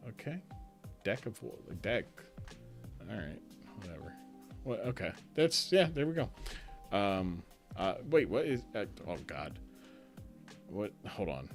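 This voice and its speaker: A man's voice: on the low side, big pitch swings, a little slow, pauses often, faint music behind. A man hosting a live stream as league commissioner, chatting loosely, laughing often and trailing off mid-sentence. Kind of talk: casual live-stream banter.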